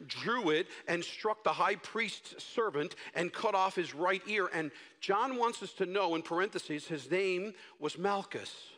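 A male pastor preaching a sermon in a dramatic, expressive way. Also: high-pitched. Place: church sanctuary. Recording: echoey church hall.

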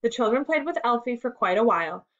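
A woman's voice: a little high, lively intonation, a bit bright, highs cut off. Woman teacher reading a lesson aloud. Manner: clear, measured read-aloud.

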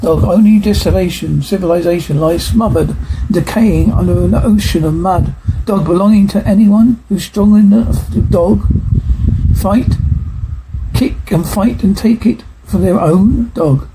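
A man's voice: high-pitched, measured pace. A man voicing a pompous, sarcastic, well-spoken male dog that lectures in formal words, reading from a film script. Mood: condescending. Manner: condescending, lecturing, formal wording. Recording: noisy recording with clicks.

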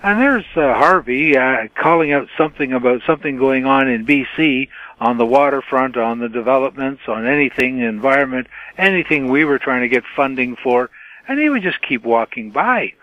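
An older Canadian man, a retired TV journalist, is a podcast guest telling reporter stories from his home den. His medium-pitched voice moves at a moderate pace on a dry, phone-quality recording. He tells animated anecdotes packed with fillers and imitates his own shouted questions.

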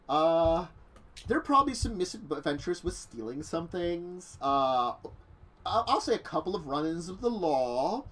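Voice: medium pitch, expressive, unhurried, fairly bright tone, poor audio. A game master casually narrating a tabletop role-playing game, rambling with many fillers. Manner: casual, rambling, laughing often.

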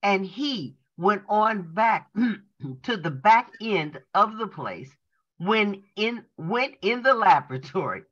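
A woman reading a preacher's transcript aloud at a Bible study, slow and emphatic, stopping to correct herself. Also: mid-range voice, very animated, a bit bright. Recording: dull lo-fi sound.

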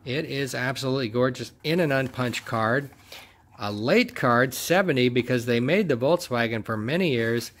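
A man's voice: mid-range voice, normal speed, fairly bright tone. A man hosting his own collecting video, giving casual, enthusiastic commentary while unboxing and inspecting toy cars. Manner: enthusiastic, exclaims over each find.

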